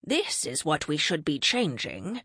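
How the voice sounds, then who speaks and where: A woman's voice: deep voice, sing-song, a little slow, a bit bright, breathy edge, no room sound, studio quality, exaggerated voice. A woman voicing a frustrated, ageless cosmic being. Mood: questioning. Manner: pressing, exasperated questions. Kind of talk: audiobook character reading.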